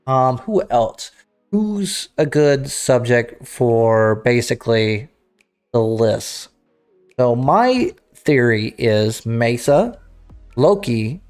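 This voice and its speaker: A man hosting a casual gaming livestream, talking off the cuff with frequent restarts and throat-clearing. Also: medium pitch, sing-song, extremely slow, a little mellow, soft background music. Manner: rambling, self-interrupting, clears throat. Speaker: livestream host.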